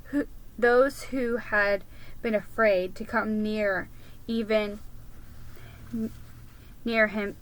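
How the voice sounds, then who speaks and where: A woman reading a story aloud, unhurried, with occasional slips and restarts. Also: fairly high pitch, sharp tone, poor audio. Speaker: reader.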